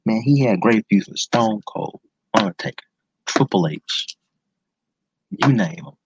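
A man's voice: fairly low pitch, lively intonation, measured pace, slight background noise. A man hosting a casual solo podcast, talking in an enthusiastic, slangy way and repeating words for emphasis. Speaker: podcast host. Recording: dull lo-fi sound, dry close mic.

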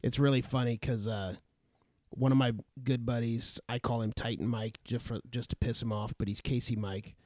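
A man's voice: medium pitch, steady tone, normal speed, darkish tone, no echo, studio quality. Rambling man telling a story on a podcast. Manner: rambling, filler-heavy, restarts often. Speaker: podcast co-host. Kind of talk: casual sports banter, storytelling.

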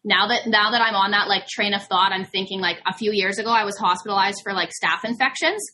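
Chatty woman with a bright voice. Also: medium pitch, fast, slight background noise. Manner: chatty, heavy use of "like", laughs easily. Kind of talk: casual conversation.

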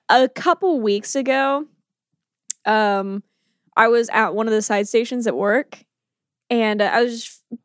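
A woman's voice: fairly high pitch, no echo, clean studio sound. A woman in casual chat as a podcast co-host, chatty and giggly, repeating words for effect.

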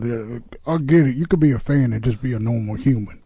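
Man co-host, husky gravelly voice, dark tone, dry teasing jabs. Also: medium pitch, a little fast, dry recording. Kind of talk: casual podcast chat.

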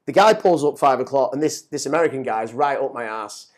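A middle-aged man telling a story as a guest, animated and swearing, often repeating words as he gets excited. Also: medium pitch, quick pace. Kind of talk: casual storytelling.

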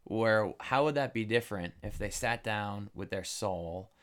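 A man's voice: lowish voice, unhurried, fairly bright tone. A man hosting a podcast conversation, agreeable and affirming toward his guest.

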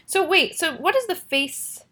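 A woman's voice: extremely high pitch, animated, unhurried, sharp tone. A woman co-hosting a casual chat, playfully jumping in with short questions and jokes.

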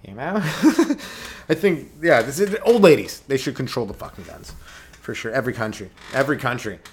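A Canadian man in his thirties, a stand-up comedian riffing through a rambling comedic monologue and slipping into quick put-on voices for the people in his stories. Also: fairly high pitch, sing-song, a little hiss or hum. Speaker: stand-up comedian hosting a podcast.

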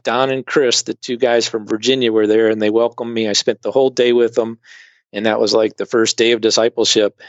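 A middle-aged man shares a personal story in a relaxed, rambling way, stumbling through fillers and restarts. The sound is dry and a bit dull. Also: medium pitch, no room sound. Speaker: guest. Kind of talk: conversational testimony.

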